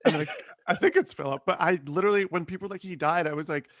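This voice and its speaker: A man's voice: high voice, racing, no room sound, studio quality. A man hosting a podcast, chatting in a campy, playful way and laughing often. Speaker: podcast host. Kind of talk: casual comedic interview chat.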